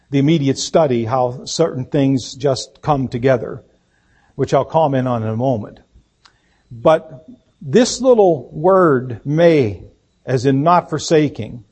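A man preaching a sermon as pastor, speaking deliberately and emphatically, with fillers and restarts. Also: medium pitch, darkish tone, breathy edge. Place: church sanctuary.

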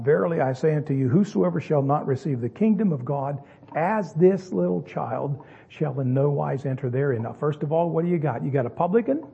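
A man preaching a sermon, moving between solemn King James readings and plain, folksy explanation. He sometimes draws a word out slowly for emphasis. His voice sits a little high with a husky edge, heard through a thin, phone-like recording. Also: mellow. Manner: reads King James verses, then explains them in plain folksy asides; stretches words out slowly for emphasis.

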